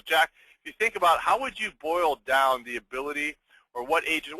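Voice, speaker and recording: A man hosts a sales webinar with a bright, somewhat high voice, recorded dry and close. He pitches in an upbeat way, firing off rhetorical questions and answering them himself, and checks in with the audience with a quick "okay?". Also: no echo, rough recording. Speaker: webinar host.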